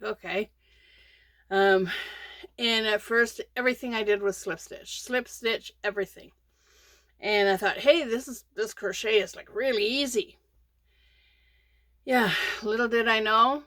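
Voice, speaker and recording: A woman's voice: mid-range voice, no echo. A middle-aged woman chatting casually about crochet on her channel, rambling with lots of fillers and restarts, a bit sleepy. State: sleepy, yawning. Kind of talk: casual crochet vlog chat.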